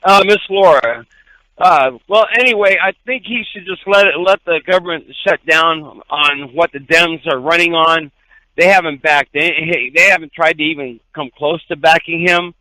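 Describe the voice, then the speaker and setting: A man calling in to a talk radio show, speaking haltingly with many fillers. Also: fairly high pitch, bright, forceful tone, no room sound, rough recording. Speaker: radio caller. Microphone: phone.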